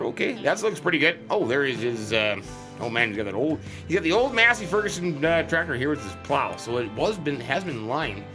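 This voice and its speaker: A man hosting a farming game let's play, chatting in a rambling, folksy, joking way as he plays a farmer character. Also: mid-range voice. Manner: rambling, folksy, jokey, self-interrupting.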